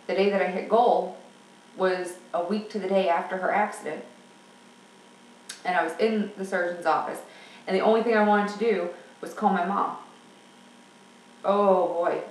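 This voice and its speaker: A woman's voice: mid-range voice, fairly even intonation, normal speed, long pauses, a little hiss or hum. A woman talking frankly and at length in a candid personal vlog. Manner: chatty and frank, rambling. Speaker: vlogger. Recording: roomy sound from a distance.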